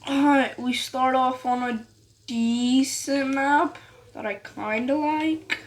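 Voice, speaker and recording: Slow-talking woman giving gameplay commentary. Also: high-pitched. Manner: chatty, excitable outbursts, says "y'all" and "bro". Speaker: gaming video creator. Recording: noticeable background noise with game sounds.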